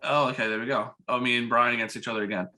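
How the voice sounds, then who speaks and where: A young man with a bright, forceful voice retells a plot in casual podcast chat. He talks animatedly and drops in quick voiced impressions of the characters. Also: medium pitch, fairly even intonation. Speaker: podcast co-host.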